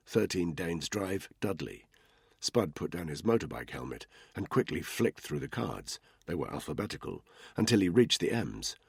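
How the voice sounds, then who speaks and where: A male audiobook narrator with a very deep, husky voice that moves lively up and down as he tells the story. His delivery is tense and measured, read as scripted narration. The recording is dry and close, with no room sound. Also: no echo.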